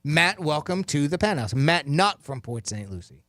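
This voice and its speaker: A man's voice: fairly high pitch, big pitch swings, moderate pace, bright, forceful tone, dry recording, clean studio sound. A man hosting a radio call-in contest, upbeat and joking with callers. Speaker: radio host. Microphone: studio microphone.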